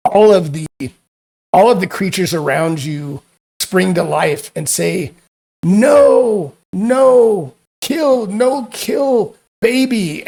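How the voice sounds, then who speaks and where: Slow, gravelly game master narrating. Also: male voice, a little high. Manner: halting, repeats words while narrating.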